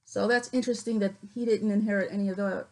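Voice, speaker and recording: A woman vlogging casually, reading figures off her screen with many fillers and pauses, her voice cutting in and out. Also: mid-range voice, fairly even intonation, warm tone, rough recording. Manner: reads figures aloud haltingly with many fillers. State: voice cuts in and out.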